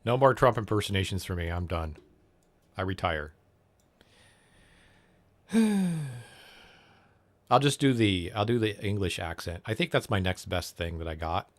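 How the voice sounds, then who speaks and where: A man's voice: measured pace, pauses often. Crude, rambling young male streamer. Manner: crude, rambling, self-mocking, low-key. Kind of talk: casual livestream chat.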